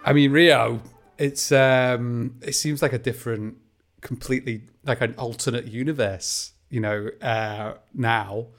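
A male interviewer asks his question in a halting way, full of "um" and "uh". His voice sits at an ordinary middle pitch, and he grows keener as he goes on. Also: fairly even intonation. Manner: hesitant, with many "um" and "uh", then building enthusiasm.

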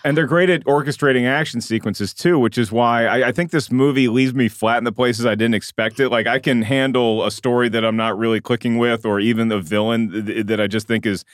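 A man hosting a podcast in a casual chat, full of joking asides and quick questions. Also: mid-range voice, steady tone, dry recording, studio quality. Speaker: podcast host.

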